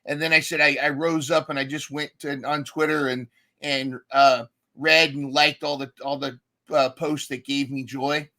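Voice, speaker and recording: A man's voice: fairly high pitch, little pitch movement, moderate pace, bright, forceful tone. A man hosting a podcast, chatting enthusiastically and rambling with frequent restarts. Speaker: podcast host. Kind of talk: casual conversation.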